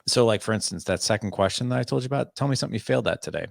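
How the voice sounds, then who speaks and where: A man's voice: lowish voice, very fast, vocal fry, no echo, clean studio sound. A man in his forties, a parenting coach guest on a podcast, telling stories and acting out talks with his son. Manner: animated, acts out dialogue with his son. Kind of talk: conversational interview storytelling.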